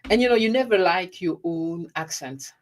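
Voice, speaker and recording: Middle-aged woman, slightly low voice, chatty vlogger, laughs at herself. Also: lively intonation, normal speed. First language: French. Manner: chatty, laughing, self-deprecating. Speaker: YouTube host. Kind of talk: casual live stream chat.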